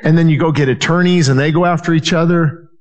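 Male pastor, sermon delivery, earnest, repeats himself, voices quoted people, fairly high voice. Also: fairly even intonation, quick pace. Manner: earnest, repetitive, restarts phrases, acts out quoted voices.

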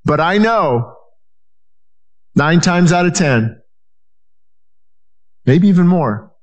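Male pastor, sermon delivery, earnest, repeats himself, voices quoted people, fairly high voice. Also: animated, takes it slowly, dull audio. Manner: earnest, repetitive, restarts phrases, acts out quoted voices.

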